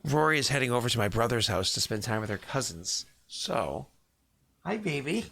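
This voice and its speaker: A man's voice: mid-range voice, animated, fairly quick, vocal fry, fairly bright tone. A man who runs the game and streams it, chatting casually and playfully from his home basement. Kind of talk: casual chat.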